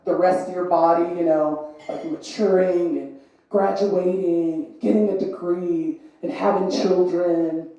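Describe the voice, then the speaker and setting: A young woman with a lisp from braces doing a stand-up comedy set, animated and putting on voices for the people in her stories. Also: lowish voice, a little slow, dull audio. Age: young adult. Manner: animated, voices others in quotes. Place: comedy venue with laughing audience. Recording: very echoey live room.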